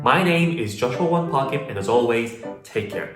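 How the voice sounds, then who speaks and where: A man giving a casual video lecture, animated and opinionated, with loose slang. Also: mid-range voice, moderate pace. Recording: roomy echo, faint background music.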